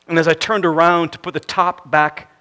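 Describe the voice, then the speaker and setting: Guy preaching a sermon, kinda high voice, earnest, trails off soft at the end of lines. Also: little pitch movement, moderate pace. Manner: reads a story aloud, voice sinking to a hush at phrase ends; earnest, rising to emphatic preaching.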